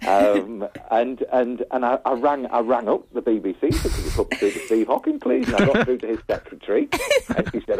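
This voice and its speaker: A man telling stories in a casual interview, animated and chatty, laughing often. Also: mid-range voice, fairly quick, a little hiss or hum, poor audio. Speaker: guest, TV presenter.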